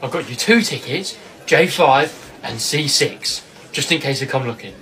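A man voicing a secretive male janitor, speaking in a low, hushed, conspiratorial way. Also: animated, normal speed.

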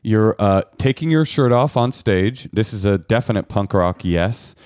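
Teasing lower-voiced man co-host. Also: measured pace, a little hiss or hum. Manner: teasing, sarcastic, lively delivery. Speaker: podcast co-host. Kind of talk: casual chat.

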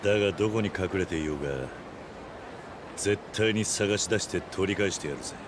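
Casting: a man as a stern young yakuza, deep voice, quick clipped delivery, game audio under loud street noise. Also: lightly acted. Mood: determined. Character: stern, tough male yakuza in his twenties. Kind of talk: video game dialogue.

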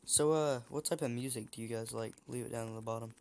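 A man's voice: medium pitch, steady tone, fast, darkish tone, a little hiss or hum. A young man giving casual, chatty commentary while playing a shooter game, teasing the other players. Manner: chatty, teasing opponents, frequent restarts. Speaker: gameplay streamer.

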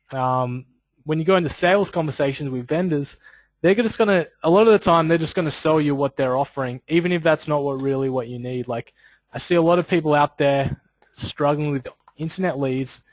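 On a poor, dry recording, a man with a fairly high voice runs an instructional webinar. His delivery is loose and conversational, full of casual asides and sprinkled with "you know" and "like."

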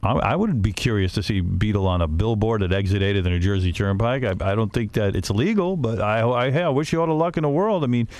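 A man's voice: lowish voice, quick pace, few pauses, darkish tone, no room sound. Radio host guy, teasing and needling, dry close mic. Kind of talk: radio talk show banter.

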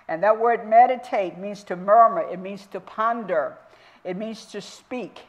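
In a church, a woman minister with a lowish voice leads a Bible study in sermon-style fashion, her recording missing its high frequencies. She teaches scripture emphatically, repeating verses and drawing them out slowly.

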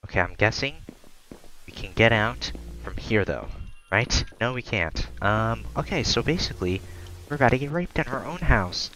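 A man giving crude, profane let's-play commentary on a horror game, joking and yelling when scared. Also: medium pitch, expressive, normal speed, low-quality recording. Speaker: gamer playing a horror game.

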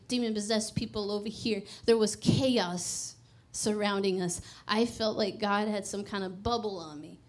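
A woman preaching a sermon, telling a personal story with loud exclamations, hushed asides and frequent laughter. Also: medium pitch. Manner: laughs often through her words.

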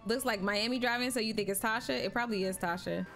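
A woman streaming live gameplay, with loud, excitable banter full of swearing. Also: a little high, quick pace, faint music behind.

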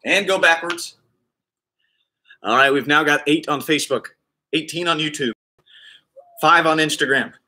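Upbeat pe coach guy calling out exercises nonstop, bright tense voice, kinda roomy echo. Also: a little high, normal speed, long pauses. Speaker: kids' PE coach. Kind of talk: live-streamed exercise class. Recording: echoey room sound.

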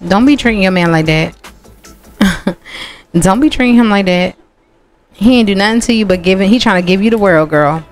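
A woman's voice: mid-range voice, moderate pace, long pauses, faint music behind. A woman giving casual gameplay commentary, chatting and playfully scolding the characters on screen. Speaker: game streamer.

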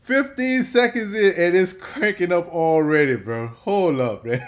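A man's voice: high-pitched, slow. A man hosting a reaction video, talking in casual slang and exclaiming and laughing as he comments.

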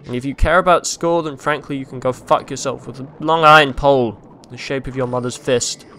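A young man commentating a video game he is playing, rambling and crude, mocking himself and breaking into silly yells. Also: medium pitch, fairly even intonation, a little fast, slight background noise. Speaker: let's play host.

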